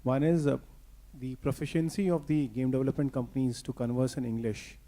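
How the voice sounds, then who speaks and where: A man's voice: mid-range voice, fairly even intonation, brisk, dark tone. A man in the audience asking a speaker questions at a conference, rephrasing them when he is not understood.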